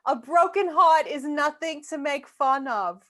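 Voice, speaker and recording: A woman's voice: high-pitched, unhurried, bright, forceful tone. A woman playing a motherly older fighter in a tabletop game, cooing pet names and fussing over a sad young man. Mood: doting. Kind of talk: tabletop role-play in character.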